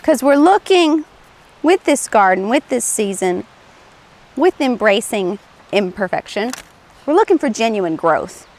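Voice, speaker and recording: A woman's voice: a little high, big pitch swings, unhurried, darkish tone. A middle-aged woman hosting a lifestyle show, talking earnestly and conversationally to the camera with light laughs. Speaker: TV show host; former play therapist. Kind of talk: casual instructional talk to camera.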